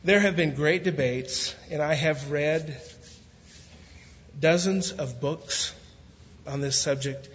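A man preaches a sermon in a large church, his voice sitting a bit high for a man. His reading of scripture is steady, and it gives way to easy jokes and fervent preaching, with a bit of a country way of talking. A long hall reverb trails each phrase, and the recording sounds slightly dull. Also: slow, pauses often, a little hiss or hum. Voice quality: self-described country way of talking. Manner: reads scripture steadily, then jokes and preaches with rising fervor. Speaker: guest pastor.

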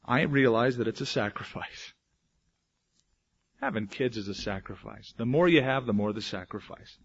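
A male pastor preaching a sermon, moving between loud, emphatic declarations and quiet, hushed asides. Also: mid-range voice, lively intonation, normal speed, gravelly, breathy edge, dull audio.

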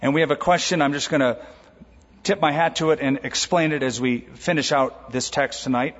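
A male pastor delivers a lively, conversational sermon, dropping jokes as he goes. His voice is a touch high and husky. The recording sounds dull, with a long reverb from a large church auditorium. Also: brisk.

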